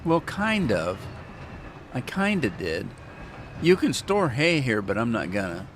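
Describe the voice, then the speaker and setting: A man's voice: mid-range voice, sing-song, a little slow, slight background noise. A man casually talking through a farming game on a live stream, joking with his chat. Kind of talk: casual gameplay commentary.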